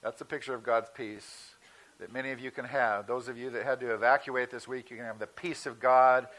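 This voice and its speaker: A male pastor giving a sermon in a conversational teaching manner, slowing down to stress key words. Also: mid-range voice, fairly even intonation, a bit bright, low-quality recording.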